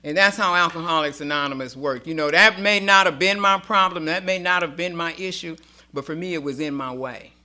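Forceful, sharp-voiced woman telling her story. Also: on the low side, fairly quick. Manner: emphatic storyteller acting out quoted dialogue. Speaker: speaker sharing at a recovery meeting. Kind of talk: personal testimony.

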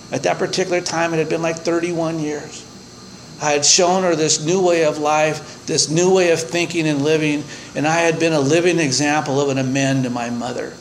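A man in his sixties sharing a humorous personal story at a recovery meeting, animated and chuckling as he acts out his own reactions. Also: a little high, a little hiss or hum, rough recording.

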